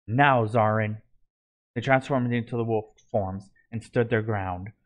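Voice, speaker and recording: A man's voice: lowish voice, normal speed, a little mellow. A man reading his own fantasy story aloud, in a plain delivery that often stumbles and restarts.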